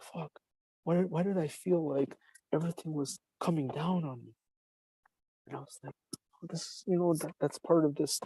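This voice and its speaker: A man's voice: on the high side, mellow, dry recording, rough recording. A man hosting a podcast, telling a long rambling personal story in a casual, profane way and calling the listener brother. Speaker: podcast host.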